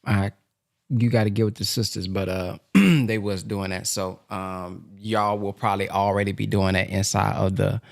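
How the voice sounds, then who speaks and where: A man hosting a group call, talking in a relaxed, plain-spoken way. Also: on the low side, normal speed, creaky, no echo, studio quality. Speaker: host. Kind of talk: casual talk on a conference call.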